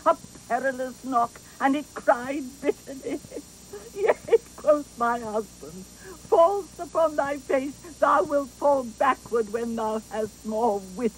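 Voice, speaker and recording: A woman's voice: on the high side, slight background noise, poor audio. An actress playing a garrulous, fond old female nurse in a theatrical Shakespeare performance, rambling and chuckling as she talks. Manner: rambling, chuckling, swooping delivery.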